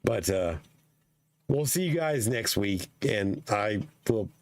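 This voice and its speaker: A man co-hosting a casual show, hoarse and losing his voice, swearing and joking as he signs off. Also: fairly low pitch, animated, slow. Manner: profane, joking. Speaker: podcast co-host. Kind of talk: casual chat.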